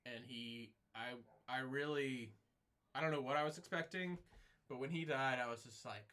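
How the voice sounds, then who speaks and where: Guy with a bright tense voice chatting about an old film, thoughtful. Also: medium pitch, moderate pace. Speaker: podcast co-host. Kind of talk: casual film discussion. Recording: livestream.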